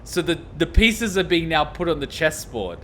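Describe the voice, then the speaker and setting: A man hosting a casual game reaction video, excitable, swearing freely and laughing often. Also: on the high side, normal speed, slight background noise. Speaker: let's play host.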